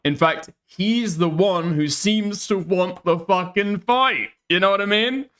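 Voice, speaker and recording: Brief: blunt male streamer commentator, a touch high-pitched. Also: a little slow, fairly bright tone. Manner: blunt, profane, repeats "okay?". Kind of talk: casual reaction commentary.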